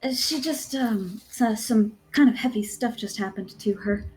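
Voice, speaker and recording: Giggly, high-voiced woman player. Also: moderate pace, darkish tone, soft background music. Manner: giggly, hesitant, full of fillers. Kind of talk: narrating her character in a tabletop game.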